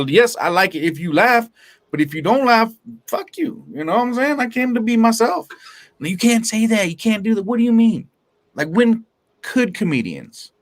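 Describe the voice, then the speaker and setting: A man, a stand-up comedian and guest, talking casually in an interview in a brash, profane, animated way, laughing often. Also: a little high.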